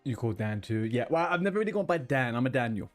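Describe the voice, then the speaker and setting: A man's voice: medium pitch, very animated, fast talker, faint music behind. A man streaming a game, chatting casually and rambling between tasks, swearing now and then. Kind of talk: casual gaming chat.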